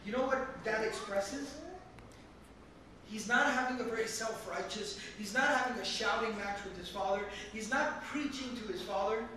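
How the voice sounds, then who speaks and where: Recorded from afar by a camera in a big mosque hall, this Islamic teacher's voice echoes heavily over a faint hum. His voice is very high and bright, and he moves at a moderate pace. He teaches Quran commentary, stressing each point earnestly and reciting Arabic.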